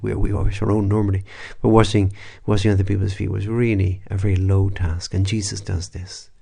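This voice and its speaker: A man, a priest, leading a spoken prayer meditation in a reflective, unhurried way, with soft asides and restarts. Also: low-pitched, vocal fry, slightly rough.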